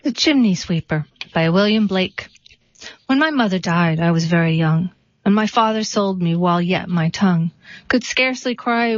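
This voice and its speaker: A woman reading a short story and a poem aloud in a steady, unhurried way. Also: mid-range voice, no echo. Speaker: reader. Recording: dull, slightly lo-fi dry recording.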